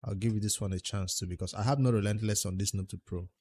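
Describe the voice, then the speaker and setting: A man from Nigeria with a Nigerian accent and a fairly low voice, talking casually on a game livestream. He answers chat questions and thinks out loud about his grind in a chatty, easygoing way. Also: steady tone, fast, breathy edge. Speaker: game streamer.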